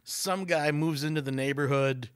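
A man's voice: fairly high pitch, normal speed, clean tone, dry recording, studio quality. A man on a comedy podcast, playfully riffing and acting out other people's voices in his stories. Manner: playful, acts out voices in anecdotes. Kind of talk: casual comedy chat.

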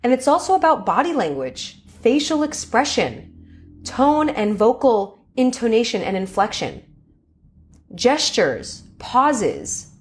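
A woman's voice: a little high, slow. A woman hosting a podcast, giving a coaching talk on communication and acting out little enthusiastic quotes along the way. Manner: expressive, acts out enthusiastic quotes. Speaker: podcast host. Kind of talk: coaching monologue.

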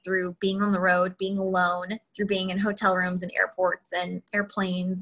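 A woman's voice: mid-range voice, fairly bright tone. A woman in her thirties, a guest telling a candid personal story in a chatty way, full of "like" and "you know". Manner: chatty, frequent "like" and "you know", quick asides.

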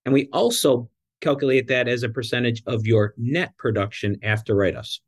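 A man's voice: medium pitch, steady tone. A male guest, a coaching company executive, explaining financial terms in a methodical way. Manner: measured, methodical, some fillers. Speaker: dental practice coaching CEO, guest. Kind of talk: explanatory interview answer.

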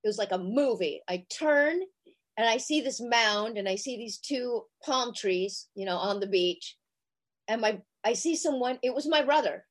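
Middle-aged woman, casual interview guest, animated storytelling, chatty, a bit high voice. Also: moderate pace. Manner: animated, chatty, lots of fillers. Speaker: interview guest, actress and charity founder.

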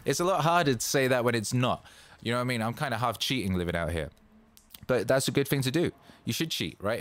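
Profane, excitable man hosting a monologue. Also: lowish voice, no echo. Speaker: host. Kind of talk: casual motivational monologue.

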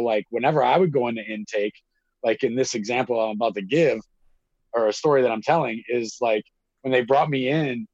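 A man's voice: mid-range voice, breathy edge, no echo, highs cut off. Rambling man telling a story. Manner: rambling, animated, swears freely. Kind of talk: casual storytelling.

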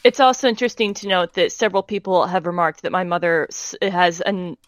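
Woman podcast co-host, animated chatty storyteller, dry sound. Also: lowish voice, brisk, no room sound. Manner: animated storyteller, laughs mid-sentence. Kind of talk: casual chat.

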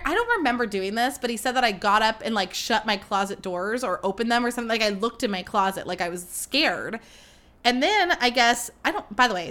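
A woman's voice: mid-range voice, a bit bright. A young woman hosting a podcast, telling stories in a chatty, casual way, full of fillers and the odd swear word. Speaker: podcast host. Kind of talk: casual chat.

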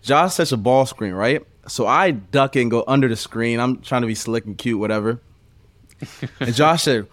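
A man's voice: medium pitch, moderate pace, no room sound. A man co-hosting a casual sports podcast, a former college player who tells stories animatedly and keeps breaking into laughs. His voice sits mid-range and sounds dry and close to the mic. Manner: animated storyteller, acts out quotes loudly, laughs often. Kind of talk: casual storytelling chat.

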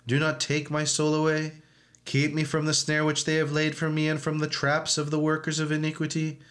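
A man reciting psalms in a steady, flat monotone during an evening church service, moving into chant for some verses. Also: a little high, moderate pace. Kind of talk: liturgical reading and chanting.

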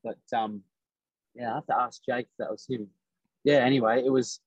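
A man's voice: mid-range voice, moderate pace, no room sound, highs cut off. A man, a race driver telling a story in casual podcast chat and acting out the lines of others. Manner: animated storyteller acting out quotes.

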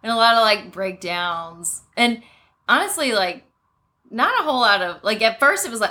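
A woman in her thirties co-hosting a casual podcast, laughing often as she tells animated stories about her children starting school. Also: mid-range voice, normal speed. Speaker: podcast co-host. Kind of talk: casual chat.

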